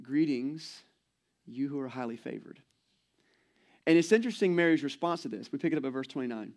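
A man's voice: medium pitch, a little fast, darkish tone. A man in his forties preaching a sermon as pastor, in a conversational, playful way and acting out quoted voices.

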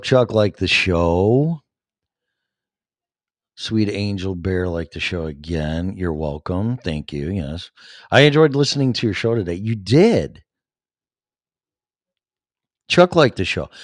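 A man's voice: sits low, dry recording, clean studio sound. A man in his fifties hosting his own podcast, chatting casually and rambling as he reads and answers live chat comments, with many fillers and restarts. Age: 50s. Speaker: podcast host.

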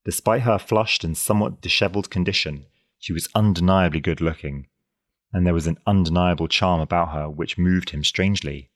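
Low deep male narrator reading an old novel, steady storytelling, dry close recording. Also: brisk, dry recording. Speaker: audiobook narrator. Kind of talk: scripted narration.

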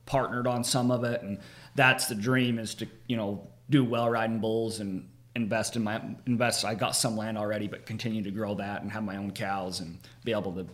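A young man, a bull rider, chatting as a guest in a halting way, often repeating words as he starts. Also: lowish voice, level tone, fairly bright tone. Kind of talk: casual interview chat.

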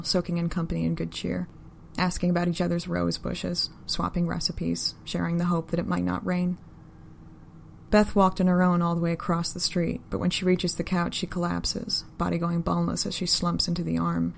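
A woman narrating a story in an even, unhurried, deadpan reading style. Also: lowish voice, creaky, a little hiss or hum.

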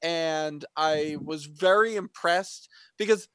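A man's voice: fairly high pitch, takes it slowly, fairly bright tone, smooth, no echo. A man co-hosting a podcast, chatting casually about a TV show and rambling with lots of fillers and restarts. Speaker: podcast co-host. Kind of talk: casual chat reviewing a TV show.

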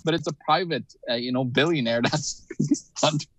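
A man co-hosts a casual live stream over a video call. He talks in an animated way with plenty of fillers. The sound is dry, with no room around it. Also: fairly high pitch, a little fast, no room sound, rough recording. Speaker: co-host.

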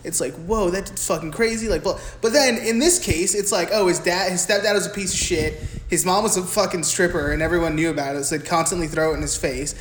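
A young man co-hosting a casual movie podcast, recapping the plot in a crude, profane, animated way. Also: sits high, a little fast. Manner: crude, profane, animated retelling with mimicked quotes. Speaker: podcast co-host. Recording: echoey room with faint background hiss.

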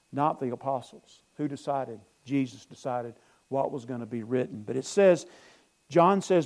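Pastor, male, medium pitch; easygoing sermon delivery, reads verses slowly. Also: a little mellow. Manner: conversational preaching, slows to read scripture. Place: church.

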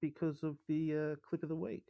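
A man's voice: fairly high pitch, flat delivery, fairly quick, gravelly, no echo, muffled recording. A man on a casual podcast, telling crude bits and rambling with fillers. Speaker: podcast co-host.

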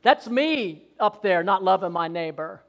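High-voiced male preacher, fervent sermon delivery, loud exhortations broken by soft asides. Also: animated, a little slow.

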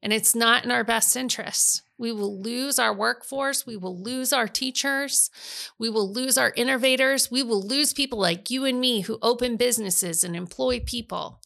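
A woman's voice: a little high, normal speed, creaky, sharp tone. A middle-aged woman from Iowa, co-hosting a casual podcast chat, blunt and fired up, swearing freely. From Iowa, United States. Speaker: podcast co-host, bookstore owner.

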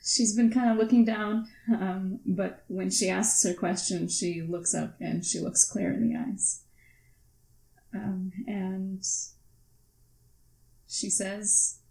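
A woman player describes what her character does in a tabletop game. She hesitates often and speaks slowly. Her voice carries some room echo. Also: medium pitch, fairly even intonation, vocal fry, mellow. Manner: hesitant, with many fillers. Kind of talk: tabletop role-play narration.

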